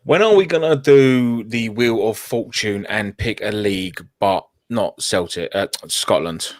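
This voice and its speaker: A man's voice: fairly low pitch, unhurried. A man, a guest on a football stream, blunt and swearing in casual chat.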